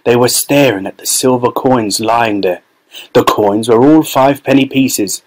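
A man reads a children's novel aloud as an audiobook, in a voice of middle pitch. His delivery is steady and expressive. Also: measured pace, poor audio. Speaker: audiobook narrator. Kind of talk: scripted narration.

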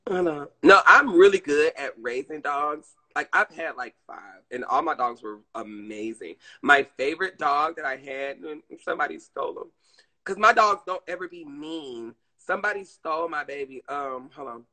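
A man talks casually to his live-stream viewers. His voice sits fairly high and sounds bright, and he tells stories in a chatty, expressive way. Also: breathy edge. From Georgia, US.

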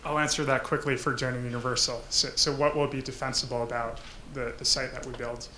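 A man, a social entrepreneur, answering judges in a halting way, repeating words as he starts. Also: medium pitch, little pitch movement, sharp tone, slight background noise. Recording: echoey room.

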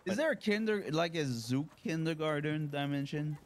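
A man playing a tabletop game, trading quick rules remarks and banter with friends. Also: fairly high pitch, expressive. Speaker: player. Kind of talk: casual tabletop game chat.

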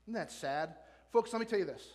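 A male pastor preaching a sermon in a lively way, asking the congregation questions and joking with them. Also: sits high, a little fast. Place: church sanctuary. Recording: long church reverb.

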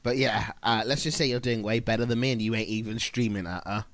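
A man's voice: fairly low pitch, steady tone, quick pace, a bit bright, no echo. A young Australian man streaming, chatting casually with crude, teasing banter and frequent laughter.

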